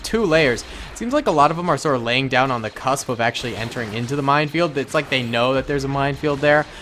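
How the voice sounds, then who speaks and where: A man giving casual, excitable commentary on a battle simulation game, gleeful with frequent exclamations. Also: mid-range voice, quick pace, slight background noise. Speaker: gameplay commentator.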